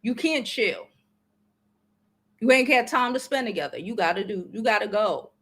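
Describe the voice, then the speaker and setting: A woman's voice: medium pitch, animated, moderate pace, fairly bright tone, slightly rough. A woman in her forties, hosting a livestream and giving blunt, slangy, profane advice in casual chat to her viewers. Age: 40s. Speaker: livestream host.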